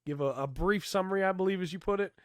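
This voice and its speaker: A man co-hosting a podcast about tabletop game rules, hoarse and losing his voice from a cold, chatty and explaining with lots of fillers. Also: high-pitched, fast talker, no echo, clean studio sound. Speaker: podcast co-host.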